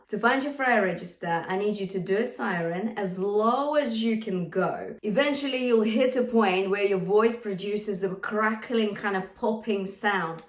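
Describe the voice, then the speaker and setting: A woman's voice: medium pitch, recorded from a distance. Woman teaching singing in an echoey room. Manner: clear, encouraging instruction. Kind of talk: vocal lesson with sung demonstrations.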